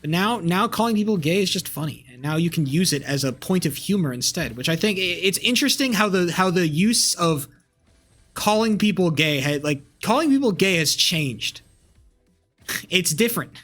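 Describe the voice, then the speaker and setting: A man's voice: sits high, lively intonation, moderate pace, a bit bright, soft background music. A young man streaming live, rambling casually with crude language and lots of fillers and restarts.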